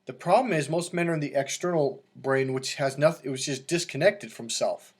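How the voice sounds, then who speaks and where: Middle aged guy coaching on dating, animated, acts out voices, kinda high-ish voice. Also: brisk. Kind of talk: casual coaching monologue.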